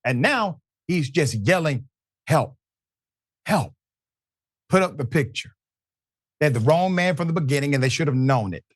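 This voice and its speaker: A man hosting a news commentary show, delivering stories with dramatic emphasis and pauses. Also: on the high side, lively intonation, no room sound, studio quality.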